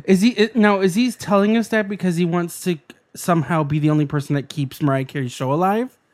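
A man's voice: sits high, brisk. A man co-hosting a podcast in casual, bawdy banter, laughing often. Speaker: podcast co-host.

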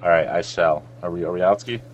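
A man's voice: sits low, steady tone, fast, muffled recording. A man from South Florida co-hosting a podcast, joking around and swearing freely in casual banter. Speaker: podcast co-host.

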